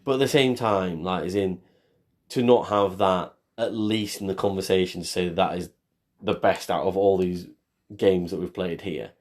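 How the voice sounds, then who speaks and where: A man's voice: sits low, fairly even intonation, moderate pace. A man co-hosting a podcast, chatting casually in a rambling, self-deprecating way with frequent restarts. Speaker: podcast co-host. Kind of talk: casual chat.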